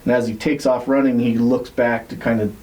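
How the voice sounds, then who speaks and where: Mellow-voiced man spinning a casual yarn. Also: medium pitch, little pitch movement, fairly quick, rough recording. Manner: loose, rambling retelling with frequent "like" and swearing. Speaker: podcast host. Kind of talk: casual storytelling.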